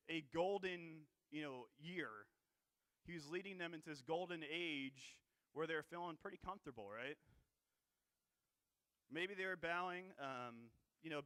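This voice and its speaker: A man preaching a sermon in church in a conversational way, full of fillers and quick "right?" checks, with a dry throat he keeps clearing. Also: fairly high pitch, pushed and bright, no echo. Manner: conversational, many fillers and tag questions.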